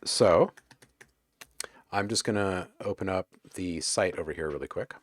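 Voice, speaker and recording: Low-voiced man hosting a livestream. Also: measured pace, dry recording. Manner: joking, relaxed, talks to chat while browsing. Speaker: livestream host. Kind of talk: casual livestream chat.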